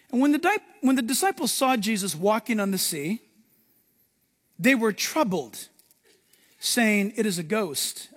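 High-voiced animated male pastor preaching. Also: big-room sound. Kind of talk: sermon.

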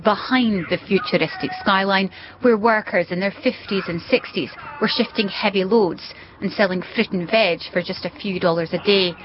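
A woman correspondent delivering a scripted news report in a measured, formal way. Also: medium pitch, lo-fi sound, background noise. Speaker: foreign correspondent.

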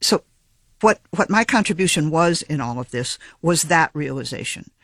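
Man talking science in an interview, careful academic wording, kinda high voice, dry close sound. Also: expressive, a bit bright, no room sound. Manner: measured, precise, academic phrasing with small restarts. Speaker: geneticist being interviewed. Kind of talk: reflective interview explanation.

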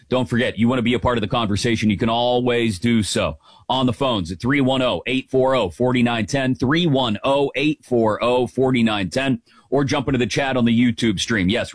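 A man hosting a live sports talk radio show, chatty and energetic as he runs through the day's stories. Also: mid-range voice, no echo. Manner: energetic, chatty, rattles off details. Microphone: studio microphone.

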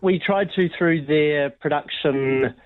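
A man calling into a radio show about his drama group, talking haltingly with many ums over the phone. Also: on the high side. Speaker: caller, drama group organizer. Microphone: telephone. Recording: muffled phone line.

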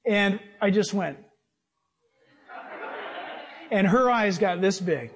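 A man preaching a sermon, reading scripture and telling personal stories in a lively, animated way. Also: high voice, a little slow, some chatter behind, a little hiss or hum. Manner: animated, acts out voices in his stories.

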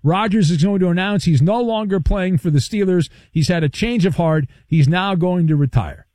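A man hosting a sports talk radio show, chatting in an animated, opinionated and joking way. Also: sits high, normal speed, no echo, clean studio sound. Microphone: studio microphone.

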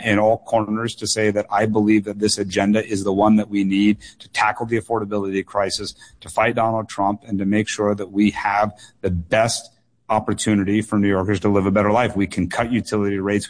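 Low-voiced earnest male candidate. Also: little pitch movement, fairly quick. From United States. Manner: earnest, repetitive phrasing with many fillers and doubled words. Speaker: political candidate guest. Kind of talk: radio call-in interview answers.

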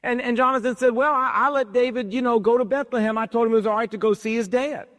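A man's voice: very high-pitched, steady tone, fast, fairly bright tone, long reverb tail. A man preaching a sermon, retelling scripture in casual, modern everyday speech. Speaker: pastor.

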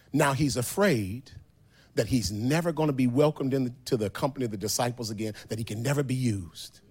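A man preaching a sermon who tells scripture stories in casual slang and builds to a sung, shouted climax. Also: husky. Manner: animated, drops low and quiet for storytelling, then rises to a sung, shouted climax.

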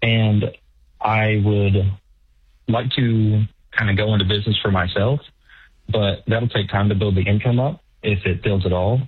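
A man calling into a radio show, sounding nervous and hesitant, with many pauses and fillers. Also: on the low side, fairly even intonation, husky, no echo. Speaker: caller. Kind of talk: phone-in conversation. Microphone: telephone. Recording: dry tinny phone line.

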